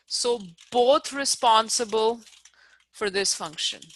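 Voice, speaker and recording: A woman's voice: on the high side, slow. A woman from India teaching an online lecture over a video call, explaining step by step, repeating key terms and checking that her students follow.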